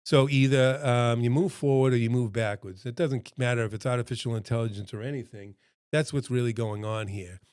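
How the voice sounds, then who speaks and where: A middle-aged man who runs a restaurant consultancy talks to camera from home, a dog nearby, in a chatty, earnest style rich with fillers and quoted voices. His mid-range voice is a little mellow and clean, a bit fast, with fairly even intonation. The recording is dry and studio quality.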